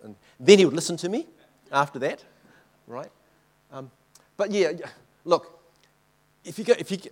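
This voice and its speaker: A man giving an informal church talk with slides, telling stories from the mission field and often checking in with the audience. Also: mid-range voice. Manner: chatty, keeps checking in with the audience. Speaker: missionary speaker.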